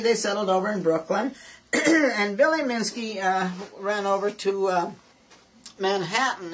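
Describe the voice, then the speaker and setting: Older woman, anecdotal tour talk, rambling, mid-pitched, voice a bit off-mic. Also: distant mic, low-quality recording. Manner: rambling anecdotal, laughs while talking. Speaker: former burlesque dancer. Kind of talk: storytelling guided tour.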